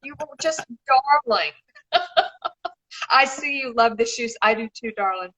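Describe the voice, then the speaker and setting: A woman's voice: fairly high pitch, expressive, measured pace, pushed and bright, low-quality recording. A middle-aged woman from Memphis, chatting effusively on a live stream and calling people darling. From Memphis, Tennessee, USA. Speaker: shoe designer and regular guest. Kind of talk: casual live-stream chat.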